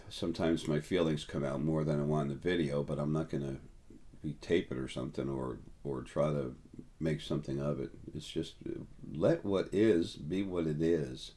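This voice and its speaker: A man hosting a spiritual video, rambling through a casual monologue to his viewers and leaping higher in pitch whenever he quotes someone. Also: dark tone. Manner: storytelling, jumps up high when quoting people.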